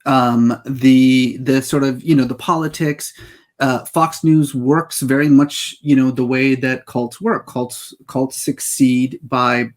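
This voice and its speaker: A man's voice: mid-range voice, level tone, slow. A man hosting an interview, asking long, thoughtful questions with some hesitations and restarts. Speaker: talk show host, interviewer. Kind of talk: conversational interview over drinks.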